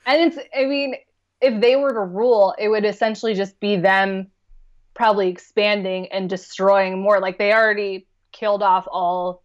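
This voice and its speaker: Relaxed woman guest on a lo-fi line. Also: medium pitch, normal speed. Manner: relaxed, thinks aloud with fillers and laughs. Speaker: podcast guest. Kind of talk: casual film discussion.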